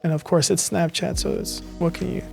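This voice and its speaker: Man, web designer, casual screen-share commentary, gushing and rambling, slightly higher voice, faint background music. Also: fairly even intonation, a little fast, creaky. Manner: enthusiastic, rambling, self-interrupting. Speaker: web designer reviewing sites.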